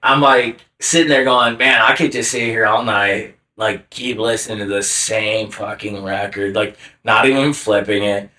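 A man's voice: lowish voice, steady tone, normal speed, hardly any pauses, bright, forceful tone, roomy sound. A young man co-hosting a casual podcast chat, rambling with lots of filler words and swearing. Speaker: podcast co-host.

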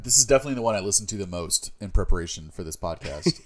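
A man's voice: low voice, animated, very fast. A man co-hosting a casual podcast, joking and teasing in a playful way. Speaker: podcast co-host.

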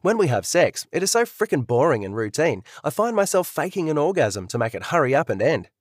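A blunt, cold young wife, as a male narrator plays her, lifted a little above his usual pitch. Her lines are matter-of-fact and dismissive, read in a dry, close audiobook voice. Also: very animated, fairly quick, no echo. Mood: exasperated.

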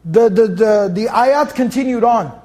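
A man's voice: sits high, unhurried, warm tone. A man giving a casual, conversational Quran commentary class, mixing Arabic recitation with plain English explanation and acting out scripture dialogues. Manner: acts out scripture dialogue in shifting voices. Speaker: Quran teacher.

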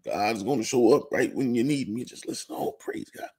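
A man giving rambling, animated commentary to camera, full of "you know" asides. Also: mid-range voice, fairly quick, husky. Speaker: commentary vlogger. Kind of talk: casual ranting commentary.

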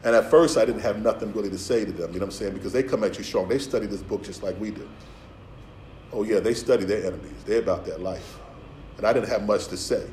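Man, pastor, streetwise sermon with playful asides, mellow voice, roomy echo, faint hum behind. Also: on the low side, fast talker. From Philadelphia.

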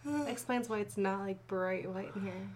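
A woman's voice: mid-range voice, moderate pace, a little hiss or hum. A woman co-hosting a casual chat, joking and swearing freely and reading fan fiction aloud. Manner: profane, joking. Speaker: podcast co-host.

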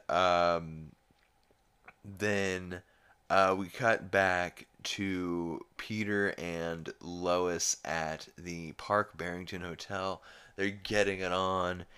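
A man's voice: low voice, bright, forceful tone, smooth. A man hosting a podcast, casually recapping a cartoon episode in a rambling way full of fillers. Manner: rambling, filler-heavy retelling. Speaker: podcast host.

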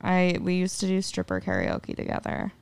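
A woman's voice: lowish voice, very animated, normal speed, gravelly, smooth, dry recording. A young woman, chatting bluntly and swearing freely. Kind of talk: casual chat.

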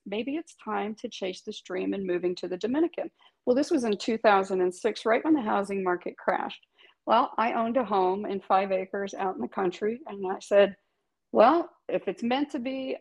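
Guest voice: middle-aged woman, mid-pitched, emphatic storyteller who swears casually and laughs a lot. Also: creaky, low-quality recording. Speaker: guest, tattoo artist. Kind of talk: candid storytelling interview.

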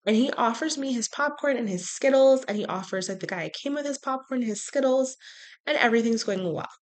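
A woman hosting a podcast, telling a personal story in a frank, animated way with sarcastic asides. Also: a little high, fairly quick. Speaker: podcast host. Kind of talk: casual storytelling monologue.

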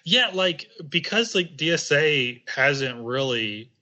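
A man's voice: on the high side, big pitch swings, slow, bright, forceful tone, dull audio. A man in casual political chat on a podcast, rambling with many fillers and swearing. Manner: rambling, heavy on filler "like", profane.

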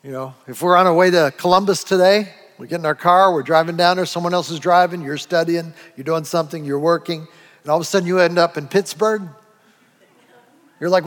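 A man preaching a sermon, animated, acting out quoted voices and asides. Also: fairly high pitch, brisk. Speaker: pastor. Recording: long hall reverb.

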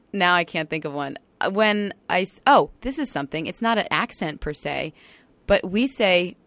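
A woman's voice: on the low side, expressive, moderate pace, fairly bright tone, no echo. A woman from New York with a faint New York accent, chatting casually as a podcast guest and peppering her talk with "like" and "you know.". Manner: chatty, scattered with 'like' and 'you know'.

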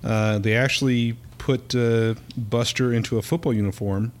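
A man's voice: medium pitch, fairly even intonation, moderate pace. A man with an everyday, middle-of-the-road voice, hosting a casual podcast chat. He keeps the talk moving, plainly describing each page and handing over to the others. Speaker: podcast host.

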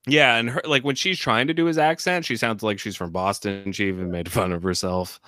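A man's voice: lowish voice, fairly even intonation, fairly quick, pushed and bright, no echo, studio quality. A man co-hosting a casual recap podcast, rambling through his points with lots of "like" and "you know". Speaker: podcast co-host. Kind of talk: casual reality-TV recap chat.

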